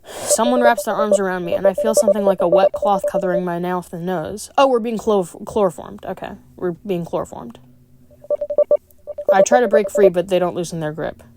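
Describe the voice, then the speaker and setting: A woman's voice: mid-range voice, fairly quick, over a noisy crowd. Wry woman reading a visual novel. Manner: wry, playful asides. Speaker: gaming streamer. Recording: game music playing behind.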